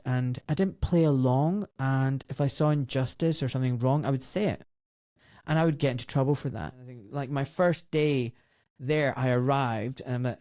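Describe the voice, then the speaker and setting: A Scottish man in his fifties, a doctor and former surgeon, telling his story in an interview in a lively, outspoken way and acting out the voices he quotes. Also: mid-range voice, dry recording, studio quality. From Glasgow, Scotland.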